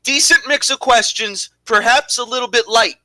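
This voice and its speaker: A man calling a mock boxing bout with excitable disbelief. His voice is high and very bright, and the sound is dry and close. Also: moderate pace, no room sound. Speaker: co-host and commentator.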